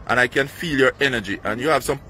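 A man conducts a street interview in a friendly, affirming tone at a mid pitch. Traffic and street noise are clearly audible around him outdoors. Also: fast talker.

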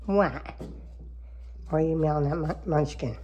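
This woman's voice is low-pitched and warm with a breathy edge, unhurried and full of long pauses. Filming her cats at home while seated at a table with coffee, she uses casual baby talk, cooing and sometimes whispering in a sing-song manner.

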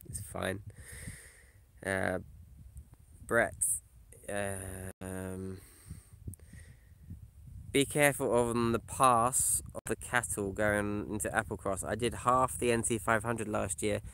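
A man's voice: lowish voice, fairly even intonation, slow pace, gravelly, pauses often, pushed and bright, a little hiss or hum. A man vlogging live from his camper van, chatting casually and reading out viewers' comments. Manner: casual, chatty, reads comments aloud and answers them. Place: in a camper van or parked outdoors.

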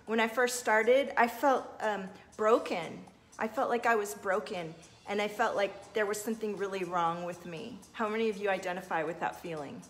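A woman's voice: medium pitch, normal speed, a bit bright. Earnest woman spiritual coach on a livestream. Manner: earnest, reads viewer comments aloud and answers them. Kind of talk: livestream talk to viewers.

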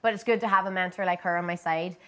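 A woman's voice: on the low side, fairly even intonation, fast. A young woman with a Northern Irish accent, chatting as a singer guest in a bubbly, giggly way. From Derry, Northern Ireland. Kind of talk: casual interview chat.

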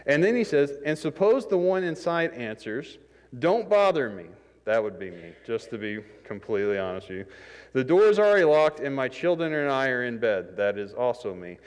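A man's voice: medium pitch, sing-song, moderate pace. A man preaching a sermon in a conversational, self-deprecating way, acting out the scenes he describes. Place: church sanctuary. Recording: long hall reverb.

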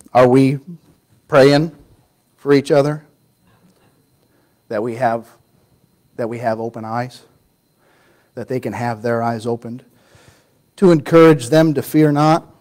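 A man preaching a Sunday sermon, telling a story with lively acted-out quotes and sudden drops to a hushed voice. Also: medium pitch, slow pace, pauses often, poor audio. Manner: animated storytelling, acting out quoted voices, drops to a near-whisper for emphasis.

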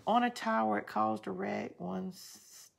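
A woman's voice: medium pitch, steady tone, measured pace, gravelly, a little hiss or hum. A woman with a Southern US drawl, hosting a craft channel in rambling, chatty talk while she answers viewer comments. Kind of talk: casual live crafting chat.

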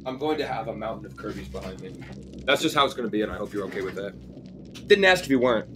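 A young man live-streaming from his room, talking loosely and swearing freely. His pitch swings widely, jumping high when something surprises him, and faint music plays underneath his voice. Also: fast talker. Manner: swearing, excitable outbursts. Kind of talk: casual live-stream chat.

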